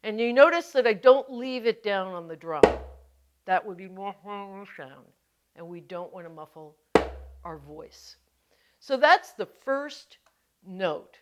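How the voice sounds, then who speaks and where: Slow, patient woman drum teacher. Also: mid-range voice. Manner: gentle, patient step-by-step explaining. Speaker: hand drumming teacher. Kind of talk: instructional video demonstration.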